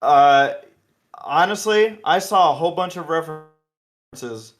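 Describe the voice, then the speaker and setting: A man's voice: sits high, moderate pace, soft background music. A man hosting a podcast, chatting casually and animatedly with many restarts and asides. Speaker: podcast host.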